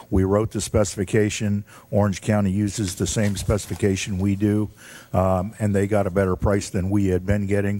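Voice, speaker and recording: A fire chief fields questions at a public meeting. He is a man with a low voice and a warm, mellow tone. His delivery stays flat and even as he explains things step by step, with plenty of ums. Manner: measured, explanatory, with frequent ums.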